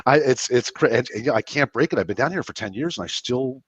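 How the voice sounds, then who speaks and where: A man from the Philadelphia area, a guest on a podcast, talking rapidly and laughing at himself. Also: mid-range voice, animated, husky, no echo, dull audio. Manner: rapid, self-deprecating, laughs often. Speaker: guest, business credit expert. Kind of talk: casual interview chat.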